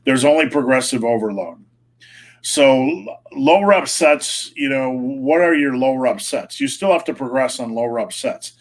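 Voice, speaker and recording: A man's voice: mid-range voice, expressive, measured pace. A middle-aged man, a fitness coach, answering viewer questions on a live stream in a blunt, plain-spoken way.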